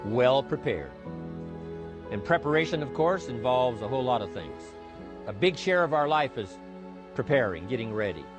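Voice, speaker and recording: A man delivering a motivational talk with a middle-pitched voice. He speaks in an emphatic, repeating cadence, building point on point. Faint music plays under his words. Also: sing-song, normal speed. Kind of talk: motivational speech.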